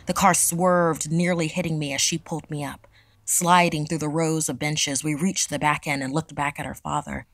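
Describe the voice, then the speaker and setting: Casting: woman storyteller for a horror podcast, gravelly low tone, dry close sound. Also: flat delivery, moderate pace, dry recording. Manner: hushed, dramatic reading. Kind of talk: scripted horror narration.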